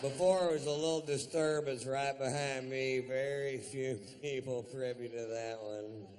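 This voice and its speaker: A man doing stand-up comedy on a live stage, telling a story in a drawling, deadpan, profane way. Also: medium pitch, measured pace, a little hiss or hum. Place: live theater stage before an audience.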